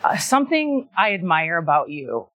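A woman's voice: fairly low pitch, big pitch swings, normal speed, a bit bright. A woman interviewing a guest in casual conversation, affirming him with many short agreements.

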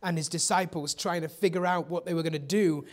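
Man, pastor, sermon, conversational storytelling, fairly high voice. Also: fairly even intonation, a little fast. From England. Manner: conversational storytelling, often dropping to a soft hush.

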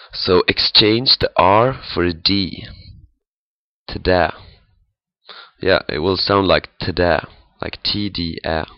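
A man giving a pronunciation lesson, speaking haltingly with many fillers and repeating sounds to demonstrate. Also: low-pitched, no echo, muffled recording. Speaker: language teacher.

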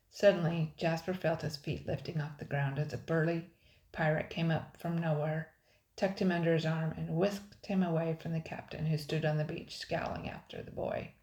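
An older woman, a grandmother, reading a children's adventure book aloud in a measured, expressive way. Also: low voice. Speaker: storybook reader. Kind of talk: children's audiobook narration. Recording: roomy echo.

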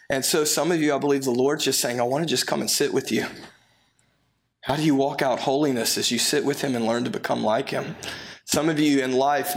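A man preaching a sermon in a relaxed, conversational way, with friendly asides and filler words. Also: mid-range voice. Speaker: pastor.

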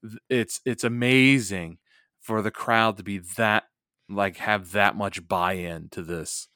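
A man's voice: fairly low pitch, fairly even intonation, takes it slowly, bright, forceful tone, dry recording, clean studio sound. A man co-hosting a casual podcast chat, making wry asides and laughing often. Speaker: podcast co-host.

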